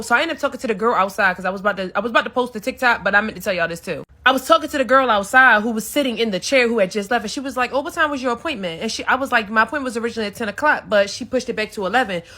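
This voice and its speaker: High bright exasperated woman ranting. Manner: exasperated, profane, addresses viewers as y'all. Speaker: storyteller recounting a salon dispute. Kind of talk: casual storytime rant.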